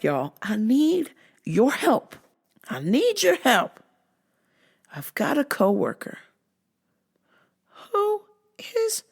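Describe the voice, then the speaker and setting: A woman with a low, gravelly voice talks straight to her listeners, cursing freely. She takes her time over the words, but her pitch swings widely as she rants. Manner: profane, animated ranting to listeners. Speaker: podcast host. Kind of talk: casual solo monologue.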